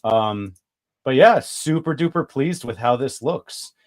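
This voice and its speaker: Relaxed joking man, dry close sound. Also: mid-range voice, slow, no echo. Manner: relaxed, joking, laughs often. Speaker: guest craftsman. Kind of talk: casual live-stream chat.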